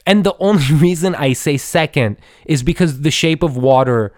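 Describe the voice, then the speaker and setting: A man's voice: a little high, normal speed, darkish tone, no echo, studio quality. A man in his thirties hosting a podcast, gushing about a film in a profane, stammering rush full of "dude" and restarts. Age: 30s. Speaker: podcast host. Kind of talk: excited film review monologue.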